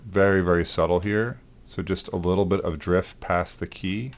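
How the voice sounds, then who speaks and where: With frequent "um" pauses, a low-voiced male instructor casually talks himself through a software demo. It's a recorded animation lecture, and his manner is easygoing as he reasons aloud.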